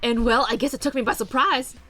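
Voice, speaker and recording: A woman's voice: a little high, fairly even intonation, fast talker, fairly bright tone, soft background music, lightly acted. A woman voicing a giddy, unhinged young female killer in a video game, reading her lines with cackling, singsong glee. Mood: gleeful.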